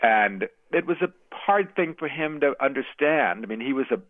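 A man's voice: medium pitch, animated, moderate pace, no room sound. An American man, an author and former magazine editor, answering interview questions in a reflective, storytelling way. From United States. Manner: reflective, storytelling, with small laughs and restarts. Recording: tinny phone-line sound.

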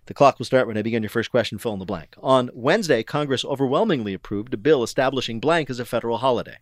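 A man hosting a news quiz, reading questions briskly and landing wry punchlines. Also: mid-range voice, no echo, clean studio sound. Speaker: quiz show host.

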